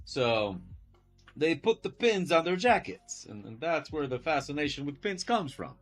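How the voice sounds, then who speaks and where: A man putting on a made-up accent to play a pompous know-it-all, explaining with stumbling pauses while faint music plays. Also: medium pitch, big pitch swings, pushed and bright, heavily acted. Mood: mock-explanatory. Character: adult man mock-lecturing in a made-up accent.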